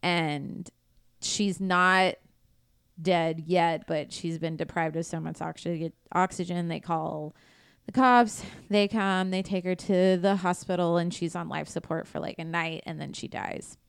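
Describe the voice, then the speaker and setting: A woman's voice: fairly low pitch, steady tone, unhurried, vocal fry, clear, resonant tone, no room sound, studio quality. A woman podcast host casually retelling a true crime case in a blunt, profane, conversational way.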